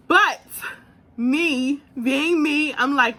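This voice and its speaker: Animated young woman telling a story. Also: high voice, slow. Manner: animated, laughs often, acts out quotes. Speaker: vlogger. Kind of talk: casual storytelling.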